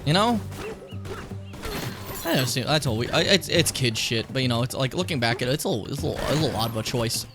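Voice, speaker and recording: A young man casually commenting on his gameplay, rambling and swearing, with sudden high excited yelps. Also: fast. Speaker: streamer. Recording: game music playing behind the voice.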